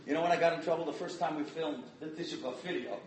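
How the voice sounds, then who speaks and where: Man, high voice, dramatic sermon storytelling, hushed to loud, distant mic, roomy hall with faint ambience. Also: fast, crowd noise. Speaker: guest speaker. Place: community event hall.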